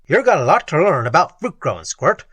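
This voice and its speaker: A gruff, sneering tough guy from a pulp story, all bluster and contempt, as a storyteller puts him on. The voice is husky and dry, pushed higher than the reader's own. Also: very animated, fairly quick, a bit bright, no echo. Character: gruff tough male convict.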